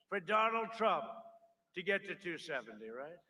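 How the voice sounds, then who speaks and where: A man's voice: high-pitched, sing-song, moderate pace, bright, forceful tone. A man giving a rambling, boastful campaign rally speech at a podium microphone, full of repeated asides. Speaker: politician. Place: large rally crowd. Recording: noisy live rally recording.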